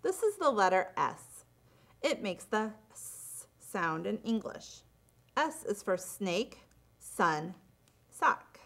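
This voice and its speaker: Slow, lively-pitched woman teaching phonics. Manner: clearly enunciated, drawn-out letter sounds. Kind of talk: slow, deliberate phonics instruction.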